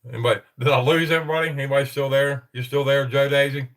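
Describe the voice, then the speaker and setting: A man's voice: medium pitch, level tone, fast, a bit bright, recorded from a distance. A man hosting a paranormal chat show, talking casually and rambling with many restarts. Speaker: podcast host.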